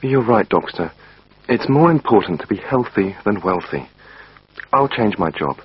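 A man's voice: fairly low pitch, animated, measured pace, husky, full character voice. A man voicing a worried, overworked male patient who speaks anxiously, reading a textbook dialogue. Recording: dull lo-fi recording.

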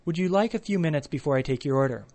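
A man's voice: fairly high pitch, animated, racing, darkish tone. A man voicing a young male waiter who stays unflappably polite while listing every option.

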